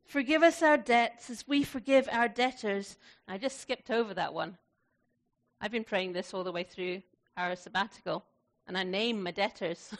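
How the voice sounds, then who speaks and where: A woman pastor preaching a sermon in a warm, conversational way, laughing often and slowing down to recite prayer. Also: medium pitch, big pitch swings.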